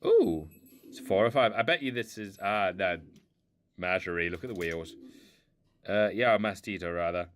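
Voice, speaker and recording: A man's voice: deep voice, lively intonation, moderate pace, pauses often. A man casually rambling through an unboxing of old toy cars at home, self-mocking and playful. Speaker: toy car collector unboxing. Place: indoors at home.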